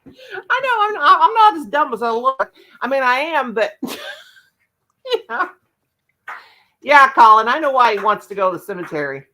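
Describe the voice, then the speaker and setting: A woman's voice: high voice, very animated, normal speed, long pauses, pushed and bright, rough recording. An older woman chatting casually as a host, laughing often and cooing baby talk to her dogs. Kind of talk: casual chat.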